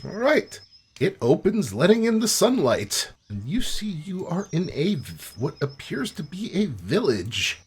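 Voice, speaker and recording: A man's voice: high voice, huge pitch swings, a little slow, slightly rough. Playful man narrating as game master. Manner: playful, descriptive, laughs easily.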